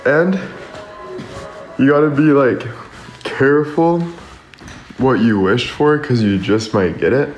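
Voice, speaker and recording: Speaking slowly with frequent pauses, this medium-pitched man is a social media creator on a livestream. He rambles through casual motivational talk full of "like" and "you know," recorded in an echoey room with faint background music.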